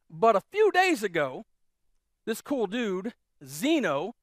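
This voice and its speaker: A man preaching a sermon as pastor, telling stories in a lively way and repeating phrases for emphasis. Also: sits high, dry recording, clean studio sound. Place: church.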